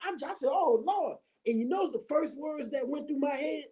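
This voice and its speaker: A middle-aged woman telling a story as a guest on a talk show, animated and laughing as she acts it out. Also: high-pitched, fairly quick. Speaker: guest, former school counselor. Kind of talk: storytelling in casual chat.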